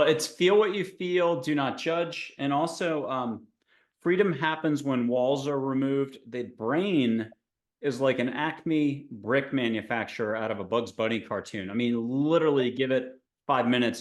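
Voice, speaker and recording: Reflective male podcast host. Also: mid-range voice. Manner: reflective, playful, laughs along. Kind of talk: casual interview chat.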